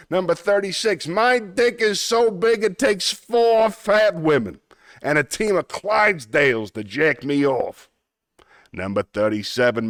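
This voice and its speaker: A man voicing a brash, boastful tough guy with a put-on Brooklyn accent, reading jokes in a loud, drawn-out, punchy way. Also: fairly high pitch, no room sound, studio quality.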